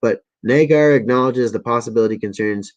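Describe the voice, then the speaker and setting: A man at a middle pitch hosts a loose livestream chat. He reads articles and comments aloud, trips over words, corrects himself and swears freely. He sounds a bit tired. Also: brisk, darkish tone, lo-fi sound. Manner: stumbling, self-correcting reading with frequent swearing. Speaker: livestream host. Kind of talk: casual live-stream chat, reading articles and viewer comments.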